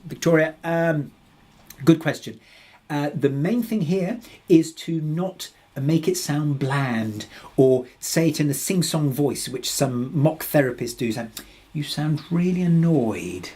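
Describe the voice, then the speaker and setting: A husky man hosts a live webinar and works through audience questions. He talks in a halting way, full of restarts and fillers. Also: a little high, warm tone. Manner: hesitant, many restarts and fillers, reads out questions. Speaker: webinar presenter.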